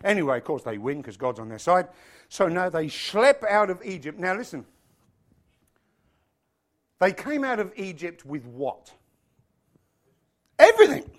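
A man preaching a sermon, animated, acting out voices and swinging from loud exclamations to hushed asides. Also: sits high, normal speed, long pauses.

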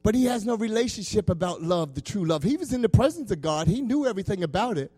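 Passionate preacher, man with a high voice, faint music under him. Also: expressive, fast talker, husky. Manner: passionate, swinging between loud preaching and soft asides. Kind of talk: sermon.

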